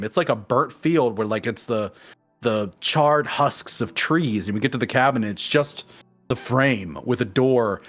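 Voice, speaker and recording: A man talking casually with a friend, retelling his playthrough at length. He drops into the characters' voices for quotes, then slips back into plain narration. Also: mid-range voice. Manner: animated storyteller acting out quotes. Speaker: guest in a game discussion. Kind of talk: casual conversation.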